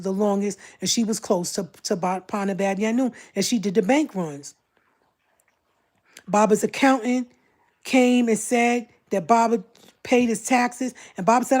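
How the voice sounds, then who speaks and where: A woman's voice: medium pitch, a little mellow. Blunt Brooklyn woman ranting on a livestream. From Brooklyn, New York. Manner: blunt, confrontational, streetwise. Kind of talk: casual livestream rant.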